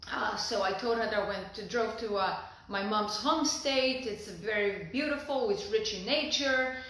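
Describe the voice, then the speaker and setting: Middle-aged woman, slightly high voice, heartfelt rambling vlog storytelling, very echoey room. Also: a bit bright. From Brazil. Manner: rambling, heartfelt, many fillers and restarts. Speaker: vlogger. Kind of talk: personal storytelling to camera.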